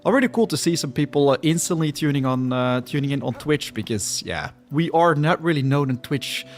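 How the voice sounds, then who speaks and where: A man's voice: fairly high pitch, expressive, a little fast, faint music behind. A man chatting casually on his live stream, slightly out of breath, with lots of fillers and restarts. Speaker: game streamer.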